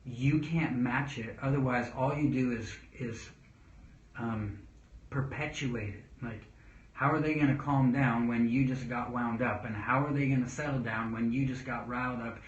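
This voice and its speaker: A man's voice: mid-range voice, moderate pace. A man who is a children's pastor, giving casual parenting advice to camera in a rambling way with restarts. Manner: rambling, with restarts and calm demonstrations of speech. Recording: roomy, dull sound with faint noise.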